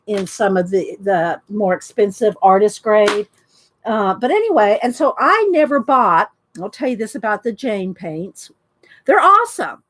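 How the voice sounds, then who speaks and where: Chatty higher-voiced woman crafting. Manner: chatty, rambling, enthusiastic. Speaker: art journaling host. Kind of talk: casual live chat while crafting. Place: home craft desk.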